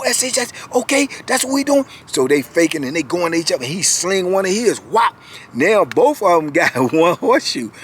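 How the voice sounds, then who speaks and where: A man's voice: medium pitch, a bit bright, slight background noise. A man in his fifties telling a story in a casual, slangy way, with "you know" in almost every line.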